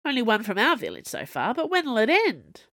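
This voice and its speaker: A woman's voice: a little high, huge pitch swings, moderate pace, a bit bright, dry recording, studio quality, pitched above the performer's own voice, exaggerated voice. A woman voicing a burly young mountain villager who speaks aggressively and bluntly.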